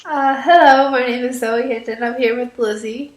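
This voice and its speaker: Stuffy-nosed teen girl, high and giggly. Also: fairly even intonation, moderate pace, roomy sound. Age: teens. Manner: giggly, hesitant, lots of "like". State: stuffy from a cold. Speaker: co-host. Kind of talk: casual interview chat.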